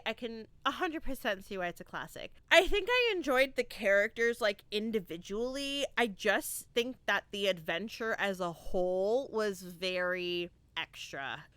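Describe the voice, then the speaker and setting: Bright, chatty young woman podcaster. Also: a little high, normal speed, few pauses, clear, resonant tone, no echo. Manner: animated, laughs often, acts out quotes. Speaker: podcast host. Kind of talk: casual movie review chat.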